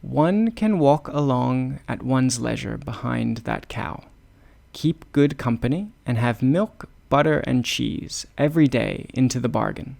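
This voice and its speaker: Man doing eager, longing young fairy-tale man; gravelly, unhurried read. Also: medium pitch, lively intonation, darkish tone.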